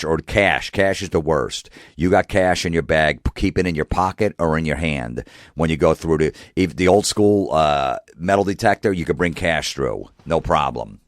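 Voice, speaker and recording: A man's voice: a bass voice, no room sound, clean studio sound. A male comedian delivering a profane, exasperated rant full of rhetorical questions. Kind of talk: profane ranting monologue.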